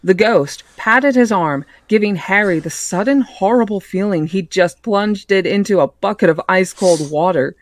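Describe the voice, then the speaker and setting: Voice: medium pitch, moderate pace, few pauses, no room sound. Podcast host reading a novel aloud.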